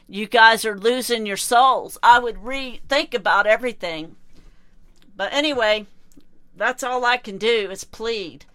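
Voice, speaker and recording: A woman's voice: a little high, a little slow, a bit bright, dry recording. A woman delivering an impassioned monologue in a preachy, condemning, repetitive way.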